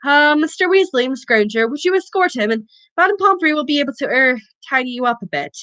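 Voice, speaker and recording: A woman reading aloud, voicing a vain, smooth-talking male wizard teacher with breezy, overconfident reassurance. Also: high voice, animated, fairly quick, sharp tone, dry recording.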